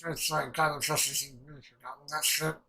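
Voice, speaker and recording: A young man rambling excitedly through a casual reaction commentary, swearing freely and restarting his sentences. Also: on the high side, a little fast, poor audio. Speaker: anime reaction channel host.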